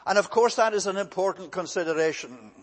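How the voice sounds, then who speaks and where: A man preaching a sermon in a measured, emphatic way, repeating key phrases for weight. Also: high voice, in a large hall.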